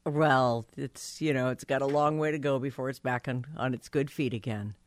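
A woman's voice: extremely low pitch, fairly even intonation, normal speed. A woman co-hosting a radio show, making sarcastic wisecracks during casual chat.

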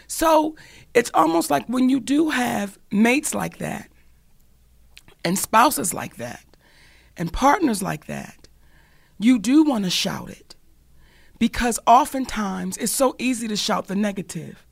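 A woman hosting a call-in radio show, her voice gravelly with fry, recorded close and dry on a studio mic. She talks candidly and bluntly, cursing freely as she preaches her point to listeners. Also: fairly high pitch, lively intonation, normal speed, no room sound. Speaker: radio talk show host.

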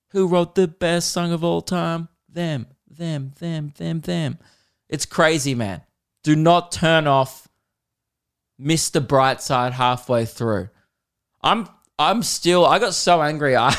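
A man's voice: on the high side, lively intonation, moderate pace. A man in his thirties with an Australian accent, hosting a comedy podcast and telling an exasperated story with lots of laughing and swearing. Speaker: podcast host.

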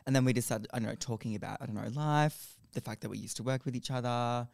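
Young Aussie man, podcast guest, gravelly edge, dry close-miked sound, animated storyteller who swears freely. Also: mid-range voice, fast talker, no echo. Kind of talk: casual chat. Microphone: podcast microphone.

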